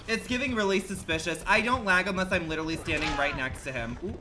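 A man livestreaming a game in campy, slangy commentary that swings between loud outbursts and low mutters. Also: quick pace, slight background noise. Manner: campy and dramatic, full of slang. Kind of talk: live gameplay commentary. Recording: loud game music under the voice.

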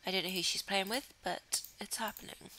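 A woman's voice: medium pitch, fairly even intonation, a little fast, pushed and bright, rough recording. A woman chatting casually over a life-simulation game, cooing affectionately at her characters. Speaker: gaming channel host. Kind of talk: casual gameplay commentary.

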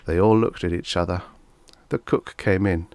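A man reading a vintage science fiction story aloud as an audiobook narrator, in a measured storytelling manner. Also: deep voice, gravelly, darkish tone, dry recording. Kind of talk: scripted narration.

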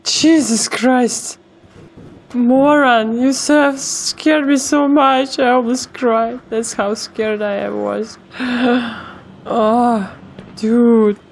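Recording a let's play, this gamer speaks extremely slowly in a somewhat high, steady voice with vocal fry, and there's slight background noise. She curses often, shrieks and yelps when something startles her, and chats to herself and the audience.

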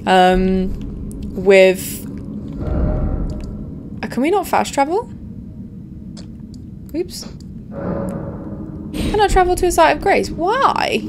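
A young woman playing a video game, chatting casually to viewers and getting excited and swearing as she explores. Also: sits high, drawn-out words, long pauses. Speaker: let's play host. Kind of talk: casual gameplay commentary. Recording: background noise under voice.

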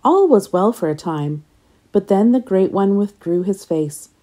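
A woman reading a children's nonfiction book and a legend aloud in a gentle, measured storytelling voice. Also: medium pitch, expressive. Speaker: storybook reader.

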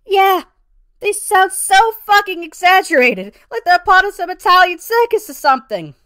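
A woman's voice: very high voice, very animated, moderate pace, pushed and bright, no echo, clean studio sound, heavily acted. A woman playing a brash, foul-mouthed female pizzeria boss who lectures trainees in a profane, rambling comedic monologue full of "you know" and calls the listener sweetie or honey.

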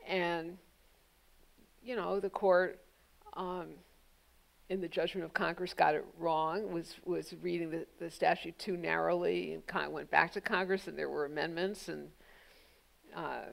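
A woman speaks as the guest of a public onstage conversation, thoughtful and pointed, dropping frequent "you know" fillers. Her voice is somewhat low and noticeably gravelly, with a fry at phrase ends. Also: fairly even intonation, a little slow, rough recording. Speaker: guest speaker, legal journalist. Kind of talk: public onstage conversation answering audience questions.

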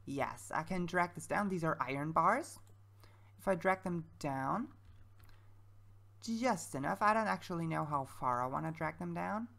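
A woman with a lowish, gravelly voice chats through her gameplay, thinking aloud as she goes. Her commentary is casual and self-mocking. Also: fairly bright tone. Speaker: let's-play creator.

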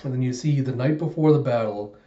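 Casual comic reviewer, rambly with fillers, mellow voice, roomy echo. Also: male voice, medium pitch, brisk. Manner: loose, rambling narration with many fillers. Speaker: manga reviewer. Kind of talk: casual comic chapter recap. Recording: roomy, dull lo-fi sound.

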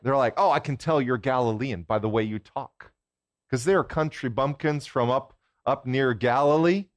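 A man giving a sermon as guest preacher in a church, talking in a relaxed, conversational way and putting questions to the congregation. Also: mid-range voice, no echo, studio quality.

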